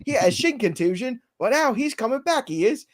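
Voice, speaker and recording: A man putting on the voice of a cheery young Dickensian boy with a put-on British accent, sing-song and high. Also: very animated, brisk, heavily acted.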